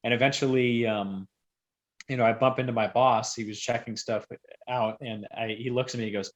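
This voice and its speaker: A man on a podcast as a guest rambles casually through a story, suddenly getting loud whenever he acts out quotes. His mid-range voice holds a steady tone at normal speed, and the audio sounds dull.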